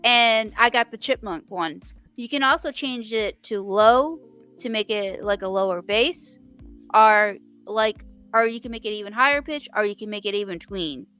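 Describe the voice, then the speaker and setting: Bright, clear-voiced woman chatting. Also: mid-range voice, moderate pace, soft background music. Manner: chatty, rambling with restarts. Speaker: writer in a live writing stream. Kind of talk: casual chat.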